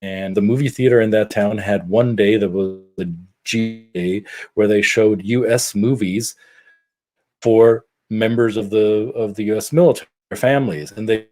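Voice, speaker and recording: Middle-aged guy cohosting a chat show, lowish voice, tells stories with lots of restarts. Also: normal speed. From Germany. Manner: animated storyteller with frequent restarts. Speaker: podcast co-host. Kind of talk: casual storytelling chat.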